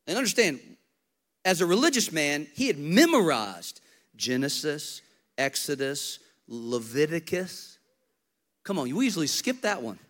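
Pastor, male, higher-pitched voice, energetic storytelling preacher with humor and big dynamic swings. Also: a little slow. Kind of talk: energetic sermon.

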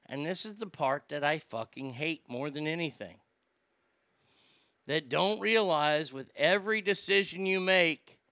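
A male stand-up comedian speaks in a gravelly, forceful voice that's a bit high for a man, rambling and profane. The sound is dry and close, with no room sound.

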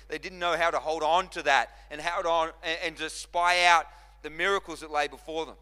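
Forceful man preaching in a hall. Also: on the high side, fairly even intonation, fairly quick. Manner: impassioned preaching with repetition and restarts. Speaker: pastor. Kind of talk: sermon. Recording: long reverb of a large hall.

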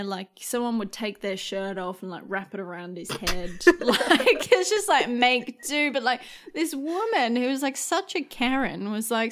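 A woman's voice: on the high side, a little slow, hardly any pauses. A young woman co-hosting a podcast, telling stories in casual chat, acting out quotes and laughing often. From Australia. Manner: animated storytelling, acts out quotes, laughs often. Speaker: podcast co-host.

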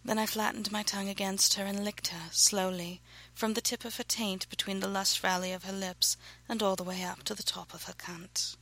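A woman reading her own erotic novel aloud, narrating softly and breathily, often close to a whisper. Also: medium pitch, steady tone, moderate pace, low-quality recording.

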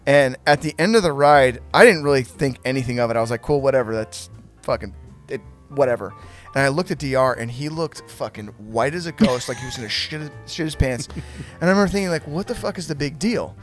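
A man's voice: mid-range voice, brisk, faint music behind. A man, older than his co-hosts, chatting casually on a podcast in a blunt, profane, laid-back way. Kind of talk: casual chat.

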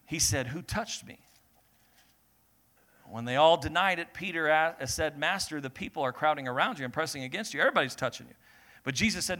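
Male pastor preaching with energy, slightly high and bright voice, builds to emphatic peaks. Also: expressive, a little fast. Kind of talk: sermon reading scripture with commentary. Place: church service with congregation.

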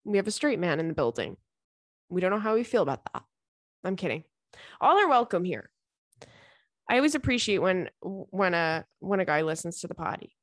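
A woman's voice: fairly low pitch, big pitch swings, brisk, long pauses, no room sound. Give me a young woman chatting casually on her podcast, rambling with lots of likes, recorded dry. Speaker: podcast host. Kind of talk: casual chat reading listener messages.

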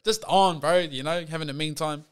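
Laid-back high-voiced New Zealand man. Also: normal speed, smooth. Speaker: guest. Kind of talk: casual chat.

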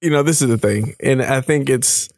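A man's voice: mid-range voice, normal speed, creaky, no echo. Rambling, teasing male podcast co-host. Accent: New York. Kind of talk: casual chat.

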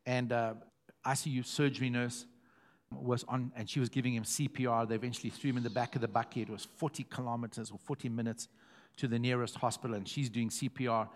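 A middle-aged man preaching a sermon, repeating phrases and swinging between hushed and loud. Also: mid-range voice, fairly even intonation, fast. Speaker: pastor.

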